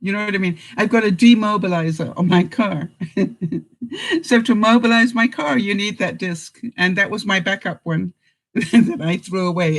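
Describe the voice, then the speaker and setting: A woman's voice: mid-range voice, rough recording. Chatty older woman vlogger, laughing often. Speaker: vlogger host. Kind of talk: casual live-stream chat.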